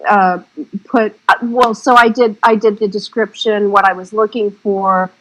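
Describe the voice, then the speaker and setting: A woman's voice: mid-range voice, steady tone, unhurried, low-quality recording. Chatty woman guest rambling through stories. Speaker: guest filmmaker. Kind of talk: casual interview chat.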